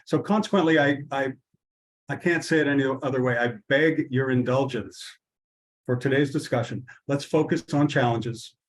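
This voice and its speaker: A man hosting an online workshop, giving measured opening remarks with fillers and restarts. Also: medium pitch, low-quality recording. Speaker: workshop host.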